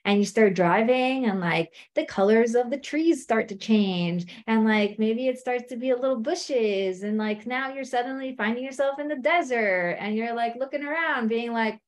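A woman with a slightly high voice gives a motivational talk on marriage to a women's group. She speaks in a lively, conversational way, peppers her talk with "like," and acts out the voices of people in her examples. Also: moderate pace, hardly any pauses. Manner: animated, acts out quoted voices, frequent "like" and "okay?".

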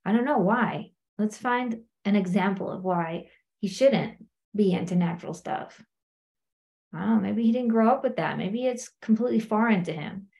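A woman's voice: mid-range voice, normal speed, gravelly, darkish tone. A woman, married, teaching a self-inquiry method in a conversational way, often asking "right?" and acting out quoted lines. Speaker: coach.

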